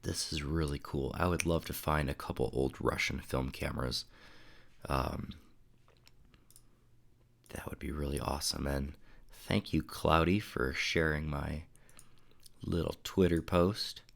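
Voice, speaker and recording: Young male streamer, very low gravelly voice, congested, loose rambling chat. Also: unhurried, pauses often. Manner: relaxed, rambling, reads chat aloud. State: congested, sniffling. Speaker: photography live streamer. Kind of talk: casual live stream chat. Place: home desk room.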